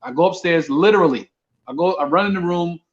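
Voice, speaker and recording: A man's voice: a little high, a little fast, highs cut off. A man from Brooklyn, a comedian telling a story casually and acting out the dialogue. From Brooklyn, New York. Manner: animated storyteller, acts out dialogue. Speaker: comedian guest.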